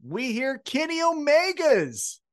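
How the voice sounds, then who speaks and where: A man in relaxed podcast conversation, chatty and swearing freely. His pitch moves in wide, lively swings as he retells moments. He sounds like a co-host recapping last night's show for a friend. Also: slow pace, a little hiss or hum. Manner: chatty, recaps with acted-out quotes and profanity. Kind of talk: casual wrestling chat.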